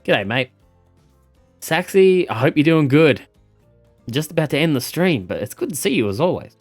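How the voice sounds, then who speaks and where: A man streaming a game, chatting casually with viewers, animated and cursing freely. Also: fairly high pitch, normal speed, soft background music. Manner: animated, swearing, laughing at the game. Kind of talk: casual live-stream chat.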